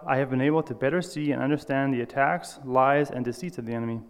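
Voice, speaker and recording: A man's voice: medium pitch, long reverb tail. A man giving an earnest, personal sermon, reading scripture and correcting small slips as he goes. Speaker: lay preacher.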